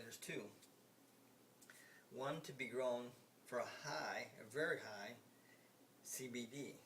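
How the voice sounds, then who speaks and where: A man's voice: medium pitch, fairly bright tone. A man in his sixties from the United States, rambling in a casual monologue with emphatic repetition, frequent restarts and the odd swear word. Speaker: vlogger. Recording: hissy, from some distance off the mic.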